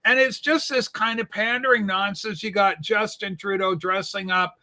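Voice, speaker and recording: A man's voice: high voice, fairly even intonation, normal speed, gravelly, sharp tone. A man from Canada co-hosting a casual political chat, speaking in a conversational, wry way. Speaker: co-host.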